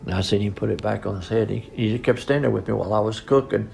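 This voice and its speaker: Elderly man, low gravelly voice, folksy rambling storyteller, faint music behind. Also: very fast, darkish tone. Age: 80s. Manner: folksy, rambling, colloquial grammar. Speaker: minister's son recounting family photos. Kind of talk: informal storytelling.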